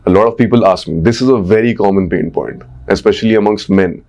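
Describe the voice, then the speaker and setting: Brief: man, low voice, Indian English accent, warm mellow coach explaining step by step. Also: fast. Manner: explanatory, coaching tone with frequent "right?" checks. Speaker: communication coach. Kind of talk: podcast conversation.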